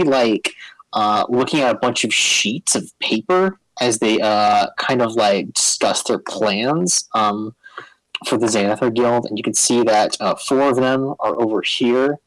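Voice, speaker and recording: A man running a tabletop game, rambling his way through scene descriptions with lots of fillers. His voice is dry and close, with no room echo around it. He sits at a mid pitch. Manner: rambling, filler-heavy, laughs a lot. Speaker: game master.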